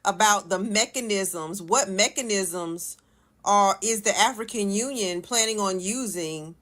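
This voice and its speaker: A woman with a mid-pitched voice talks through a political topic in an earnest, questioning way. She sounds like a co-host in casual discussion. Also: measured pace, a bit bright. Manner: earnest, questioning, reads quoted text aloud.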